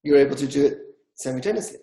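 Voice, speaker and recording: A man's voice: mid-range voice, expressive, very fast, warm tone, roomy sound, poor audio. A man teaching a discussion class, explaining with everyday examples and acting out inner dialogue.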